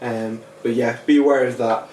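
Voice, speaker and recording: A man's voice: mid-range voice, moderate pace. A man with a stuffy, nasal voice from a cold talks loosely through a home how-to. He rambles with ums and restarts, filming with a handheld camera. Faint noise sits behind him. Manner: chatty, relaxed, many ums and restarts. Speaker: home winemaking vlogger. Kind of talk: casual how-to video. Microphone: handheld camera, no tripod.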